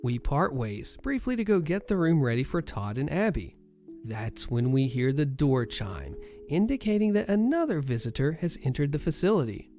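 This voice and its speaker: A man narrating a first-person story in a steady retelling manner. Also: fairly high pitch, moderate pace, faint music behind.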